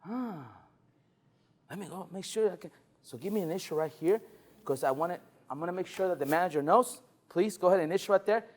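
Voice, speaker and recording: A male car sales trainer giving a live demonstration, animated and loose, swinging from shouting to murmuring. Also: sits high, fast talker. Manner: hype-driven and loose, with occasional swearing.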